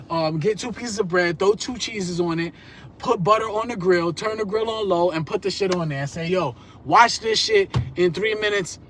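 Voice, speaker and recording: A man's voice: high-pitched, a bit bright, a little hiss or hum. A man in his thirties telling rambling, profane stories in streetwise slang on a live stream. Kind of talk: casual storytelling rant.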